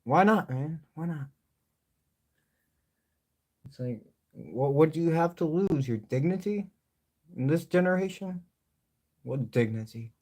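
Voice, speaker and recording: A man's voice: on the high side, animated, a little slow, pauses often, darkish tone. A young man rambling through a live painting stream, jumping between jokes and mock rants. He curses casually and keeps up a running chatter to his viewers as he works. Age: young adult. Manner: loose, joking, swears freely, talks to himself.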